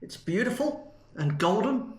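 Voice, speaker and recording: A man's voice: high-pitched, lively intonation, measured pace, roomy sound, a little hiss or hum. A man from the UK in a chatty, enthusiastic food review vlog. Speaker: food vlogger.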